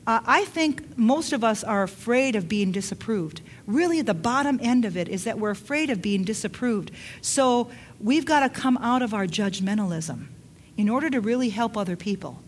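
A woman's voice: a little high, slight background noise. A woman pastor preaching a sermon in an earnest, repetitive way, with bursts of laughter.

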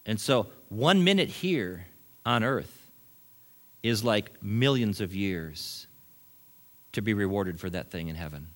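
In the sanctuary, a middle-aged pastor delivers an animated sermon that shifts from loud, emphatic lines to quiet asides, with short chuckles along the way. His voice is lowish, and he takes it slowly, pausing often.

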